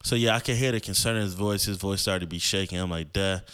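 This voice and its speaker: Telling a personal story, this young podcast host talks fast and loosely, rambling with plenty of slang and fillers. His fairly low voice comes across smooth and resonant, and a bit bright.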